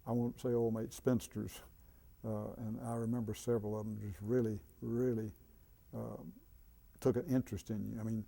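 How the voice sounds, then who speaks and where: Older male interviewee, low gravelly voice, hesitant storyteller. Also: little pitch movement, dark tone. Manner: halting, many fillers and restarts. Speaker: interviewee, former student. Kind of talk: reminiscing interview.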